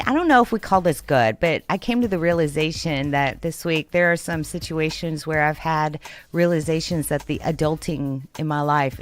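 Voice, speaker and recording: A woman co-hosting a casual radio chat show, bubbly and rambling, laughing often. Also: low-pitched. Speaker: radio co-host.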